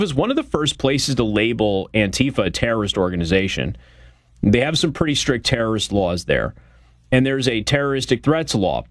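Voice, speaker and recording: A man's voice: medium pitch, dry recording, studio quality. A man hosting a political talk show, giving a blunt, opinionated monologue with frequent fillers. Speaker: radio show host.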